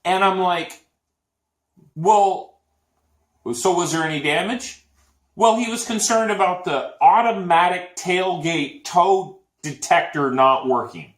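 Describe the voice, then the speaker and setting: A man co-hosting a casual chat show, telling a story with lively acted-out quotes. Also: high-pitched, measured pace. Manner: animated storytelling, acts out quotes. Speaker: podcast co-host. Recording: echoey room.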